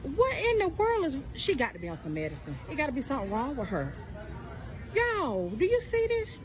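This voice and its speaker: A woman exclaiming to her viewers while she films a phone video, loud and exasperated. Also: high voice, huge pitch swings, fairly quick, crowd noise, background noise.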